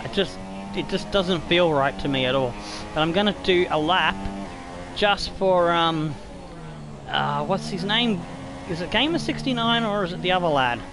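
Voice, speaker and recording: A man with an Australian accent commentating his own racing game stream, excitable and swearing freely, yelping at scary moments. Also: sits high, normal speed, over music, low-quality recording. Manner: excitable, swears a lot, yelps at scares. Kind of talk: casual gameplay commentary.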